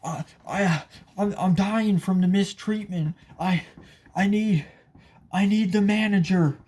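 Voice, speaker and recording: Man putting on a wailing old lady customer, shrill and high, drawn-out whine. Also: a little mellow. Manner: melodramatic, wailing. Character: whiny entitled old woman customer.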